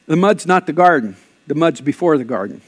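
High-pitched guy preaching, casual asides then loud punchy lines. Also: brisk. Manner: lively preaching, jumps to loud emphatic bursts. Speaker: pastor. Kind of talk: sermon. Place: church.

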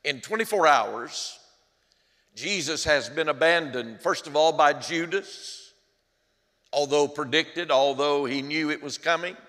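A male pastor delivers a slow, deliberate sermon with a bright, forceful tone. His voice carries with a long reverb through the church sanctuary, swelling to loud cries and sinking to hushed reflection. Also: on the high side.

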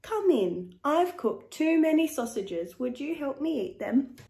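A friendly storybook neighbour cheerfully offers food, as a woman reads him. The tone is lively and a little high. It is recorded in a roomy, echoing space. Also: measured pace, vocal fry, exaggerated voice. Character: friendly generous neighbour man.

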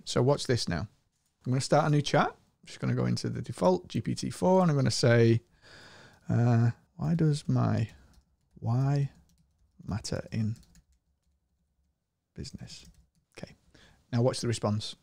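A man with a Scottish accent hosting an energetic screen-share tutorial, talking with enthusiasm. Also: brisk, creaky, no echo. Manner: energetic and enthusiastic, often rising in pitch. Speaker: host.

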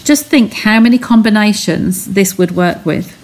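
A woman's voice: mid-range voice, normal speed, a little mellow. A woman chatting as she talks viewers through a craft technique step by step on a live stream from her home studio. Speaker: craft demonstrator.

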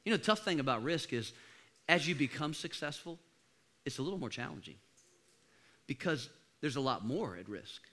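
A pastor preaching a sermon, rousing the congregation to call back and dropping to quiet, confiding asides between loud rallying lines. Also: male voice, mid-range voice, very animated, normal speed, long pauses. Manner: exhorting, call-and-response with the congregation. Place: church service.

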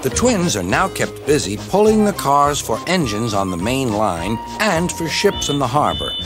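With a mid-range voice at normal speed, a man reads a children's storybook in a lively, expressive way while music plays in the background.

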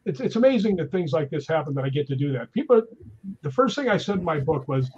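A man's voice: fairly high pitch, quick pace, slightly rough, dull audio. A man telling ghost-hunting stories in casual chat, acting out what people said. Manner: animated anecdotes with acted-out quotes. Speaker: guest.

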